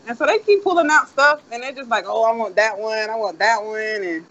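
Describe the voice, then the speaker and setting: High-voiced man, dull lo-fi sound. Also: fairly quick, fairly bright tone. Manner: rambling, profane, laid-back. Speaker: co-host. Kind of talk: casual storytelling chat. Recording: dull lo-fi audio.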